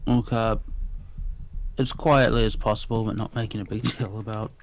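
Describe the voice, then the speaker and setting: A man's voice: on the low side, level tone, moderate pace, noisy background. A man playing a tabletop role-playing game, casually describing his character's actions and laughing often. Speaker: player.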